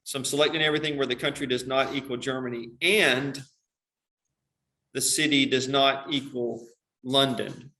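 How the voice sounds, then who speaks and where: Bright-voiced man teaching a coding class. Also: mid-range voice, steady tone, normal speed. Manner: explains step by step, many "um" and "right?" checks. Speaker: computer science teacher. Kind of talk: classroom lesson on screen.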